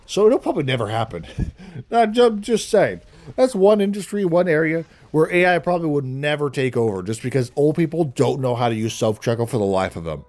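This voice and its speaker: A man's voice: medium pitch, a little mellow. A young man vlogging his opinions in a casual, rambling monologue, laughing at his own jokes. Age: young adult.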